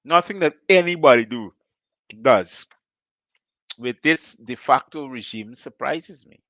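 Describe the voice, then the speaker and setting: A man's voice: medium pitch, fairly bright tone, dry recording. Fiery Guyanese man hosting a call-in. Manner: fiery, rhetorical questioning. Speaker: call-in show host. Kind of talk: political call-in monologue.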